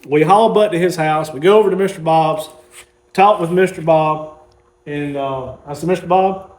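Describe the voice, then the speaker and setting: A man's voice: on the high side, normal speed. A man, casually telling a rambling story while showing his car collection. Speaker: car hobbyist host.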